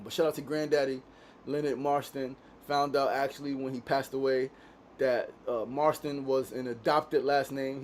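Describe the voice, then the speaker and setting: Here a Queens, New York man hosts a casual daily show from a studio, his voice medium in pitch with a darkish tone and a bit of background noise. He keeps things relaxed, swears a lot, and habitually closes sentences with "right?"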